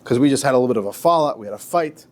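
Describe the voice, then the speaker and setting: Male rabbi lecturing a class in a chatty, lively way, with a middle-pitched voice. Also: racing. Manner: lively, chatty, repeats words, laughs at own stories. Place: classroom with students.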